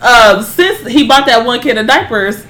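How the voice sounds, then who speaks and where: Blunt talkative woman, higher voice. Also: animated, a little slow, a crowd in the background. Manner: blunt, talks over others. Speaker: podcast co-host. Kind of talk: casual group discussion.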